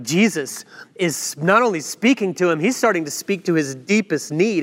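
A man preaching a sermon, telling a story with lively acted-out quotes and asides. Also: on the high side. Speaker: pastor. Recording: long hall reverb.

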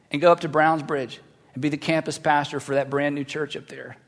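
A man preaches with a high-pitched voice, acting out the Bible dialogue in an animated way and dropping from loud bursts to hushed asides. His voice carries a long reverb through a large church auditorium. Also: brisk, vocal fry. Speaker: pastor. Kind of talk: sermon.

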